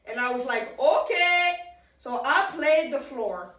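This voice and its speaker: A woman playing an absurd, boastful talk-show guest, rambling deadpan in an improvised comedy sketch. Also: high voice, slow, exaggerated voice. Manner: rambling, deadpan, breaks into giggles. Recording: echoey room, far from the mic.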